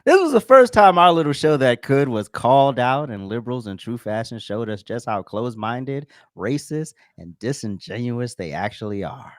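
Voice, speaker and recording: Lively laughing podcast host, dry sound. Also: medium pitch, moderate pace, hardly any pauses, no echo. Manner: laughing, hesitant with many fillers. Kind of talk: podcast chat, reading comments aloud.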